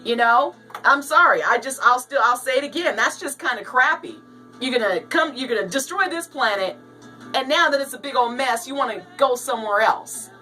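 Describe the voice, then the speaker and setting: A woman giving casual, animated commentary on news stories, with jokey asides. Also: high-pitched, moderate pace, distant mic, poor audio. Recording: voice a bit off-mic, with light music behind.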